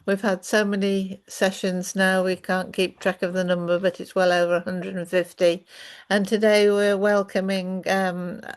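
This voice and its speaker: A woman with a smooth, medium-pitched voice hosts an online meeting at normal speed. She talks in a relaxed, chatty way with many fillers, then reads a formal acknowledgement and reflection.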